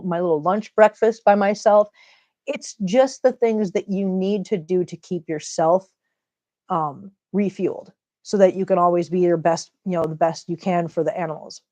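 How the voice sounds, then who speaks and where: A woman's voice: lowish voice, darkish tone. Chatty laughing Midwestern woman streaming live. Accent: Upper Midwest American. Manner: chatty, laughs often, reads viewer comments aloud. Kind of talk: casual live-stream chat.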